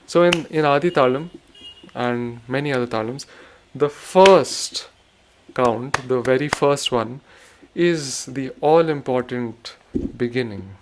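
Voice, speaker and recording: A man's voice: mid-range voice, clean tone. A man giving a spoken music lesson, patiently explaining rhythm cycles and chanting rhythm syllables aloud. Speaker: rhythm teacher.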